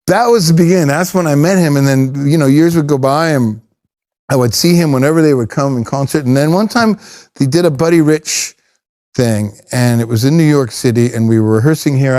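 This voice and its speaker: This is a middle-aged man, a working drummer, sharing offhand anecdotes during an interview at a medium pitch. He's animated and meandering, frequently starting his thoughts over.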